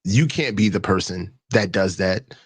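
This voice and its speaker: A man's voice: low voice, measured pace, breathy edge, no echo. A man who is a coach, speaking hesitantly on a sports talk show. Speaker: coach panelist.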